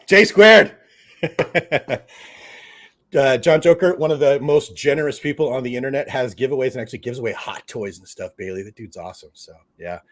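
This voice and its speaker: Joking male streamer host, lively pitch. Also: a little slow. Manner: loud, joking, laughs often. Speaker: livestream host. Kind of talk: casual live stream chat.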